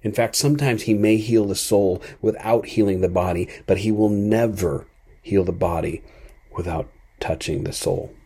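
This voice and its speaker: A man with a low, warm and slightly husky voice gives a reflective devotional talk. He speaks earnestly and thoughtfully as a podcast host. His pace is unhurried.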